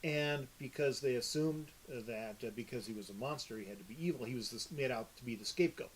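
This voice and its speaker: A man's voice: medium pitch, a little fast. A man from the upper Midwest talks loosely on a tabletop gaming podcast. His voice sits in the middle range, and he wanders through his points with plenty of ums and uhs. A faint hiss sits under the recording. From upper Midwest United States. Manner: rambling, many fillers. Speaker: podcast co-host. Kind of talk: casual chat.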